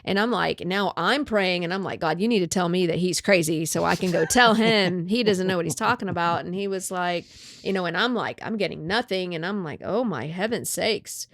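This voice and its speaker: A woman podcast host in a casual chat, retelling a story with lively acted-out dialogue. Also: on the low side, a little fast, no echo.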